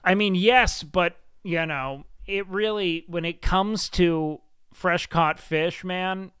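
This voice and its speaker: Brief: male streamer, mid pitch, smooth and resonant voice, dry close mic, casual rambling chat. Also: takes it slowly, fairly bright tone, dry recording. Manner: laid-back, rambling, swears often, says "man".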